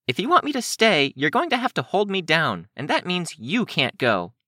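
A stubborn, eager teenage girl , as a male narrator puts her on, pitched high above his own voice and insistent. Her voice sounds a little distant, its tone unlike his usual one. It is a dry audiobook recording. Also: wildly swooping pitch, moderate pace, bright, forceful tone, no room sound, heavily acted. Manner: insistent, pleading.

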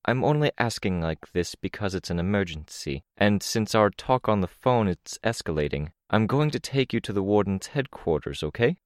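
A man reading an audiobook, voicing a worried young woman hero who talks in an urgent, hurried way. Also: fairly low pitch, animated, dry recording, studio quality, natural voice. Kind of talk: audiobook character voice.

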